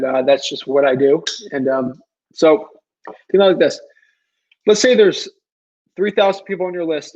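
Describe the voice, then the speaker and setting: A man's voice: on the high side, lo-fi sound. A man hosting a casual livestream Q&A, rambling and pleading, with many ums and restarts. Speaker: livestream Q&A host.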